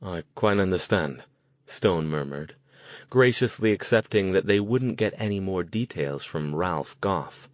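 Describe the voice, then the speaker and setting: Deep-voiced guy reading an audiobook, steady and even, super dry close mic. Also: measured pace, dry recording. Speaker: audiobook narrator. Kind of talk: scripted narration.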